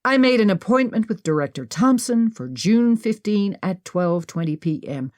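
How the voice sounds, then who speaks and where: A woman's voice: mid-range voice, lively intonation, moderate pace, darkish tone, dry recording, clean studio sound, voice pushed up, close to an everyday voice. A woman narrator voicing a bold, pushy young woman who talks insistently. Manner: insistent, bossy.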